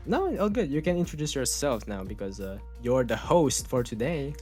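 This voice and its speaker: A young man co-hosting a casual podcast, laid-back and halting, laughing often. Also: mid-range voice, very animated, a little mellow, soft background music. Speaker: podcast co-host. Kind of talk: casual chat.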